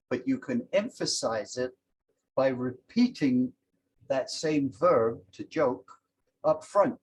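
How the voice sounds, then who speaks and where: A man's voice: medium pitch, expressive, slow, pauses often, poor audio. A man teaching a creole by telling a folk tale and translating it line by line in a careful, explanatory way. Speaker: language teacher.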